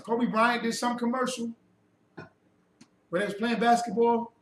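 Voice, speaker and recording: A man's voice: extremely high pitch, steady tone, unhurried, a bit bright. A man giving a heated lecture to a group, preachy and mocking, firing off rhetorical questions. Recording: echoey room, mic far off, faint noise.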